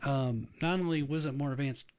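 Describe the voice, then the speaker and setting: A man's voice: medium pitch, fairly quick, a little mellow, clear, resonant tone. A middle-aged man hosting a casual podcast chat, rambling with frequent restarts and laughing often. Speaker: podcast host.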